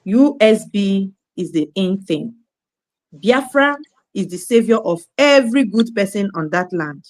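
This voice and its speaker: A woman's voice: medium pitch, animated, measured pace, dry recording. A woman ranting in a scolding, preachy monologue, repeating her phrases. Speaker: online commentator.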